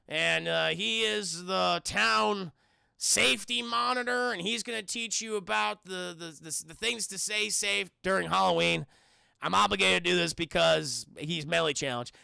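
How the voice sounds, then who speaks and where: A young man recapping a movie to his stream chat, animated and profane, acting out the characters' lines as he goes. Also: sits high, normal speed, creaky, no echo, clean studio sound. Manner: animated, swears a lot, mimics characters, addresses chat constantly. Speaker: film reviewer streaming to chat.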